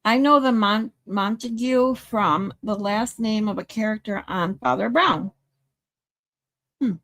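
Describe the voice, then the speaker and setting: A woman's voice: mid-range voice, measured pace, a bit bright. A woman hosting a casual livestream, chatting playfully and reading viewer comments aloud. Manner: playful, tries out pronunciations. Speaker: livestream host.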